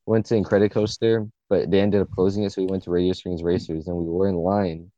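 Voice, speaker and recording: A young man in his late teens co-hosts a podcast, telling an emotional story with rambling, swearing and many filler words. He speaks fast and flat in a deep, mellow voice, and the audio is dull with no room sound.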